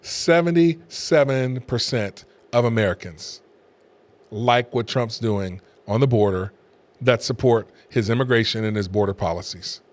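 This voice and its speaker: A man's voice: medium pitch, measured pace. Emphatic man doing commentary to camera. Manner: emphatic, repetitive, scornful asides. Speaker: pastor and show host. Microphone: camera facing speaker.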